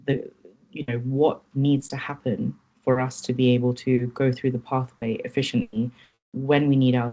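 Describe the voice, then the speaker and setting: A woman's voice: extremely low pitch, mellow, poor audio. Woman, podcast guest, earnest, candid, reflective personal story. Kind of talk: personal account in interview.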